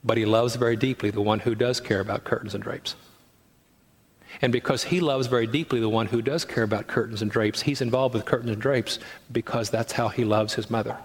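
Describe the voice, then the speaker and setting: A man preaching a sermon as pastor, conversational, with rhetorical questions and acted-out quotes. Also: medium pitch. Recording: long hall reverb.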